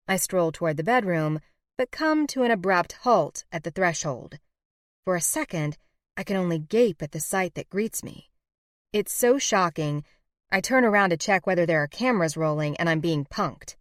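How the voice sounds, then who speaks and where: A woman narrating a first-person romance audiobook in an intimate, even storytelling manner on a close mic. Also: lowish voice, normal speed, no room sound.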